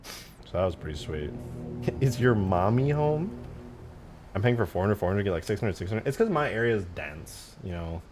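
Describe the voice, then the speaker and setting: A young man with a lowish voice talks on a live stream. His pitch swings widely as he rambles through profane, slang-heavy stories. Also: animated, brisk, darkish tone, faint music behind. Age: 20s. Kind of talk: casual live-stream chat.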